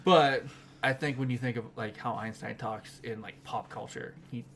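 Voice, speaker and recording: A man's voice: medium pitch, fairly even intonation, normal speed, gravelly, fairly bright tone, a little hiss or hum. Male podcast co-host, rambling casual recap, mid-range voice, laughs a lot. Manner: rambling, laughing, with frequent restarts and fillers. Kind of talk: casual chat recapping anime episodes.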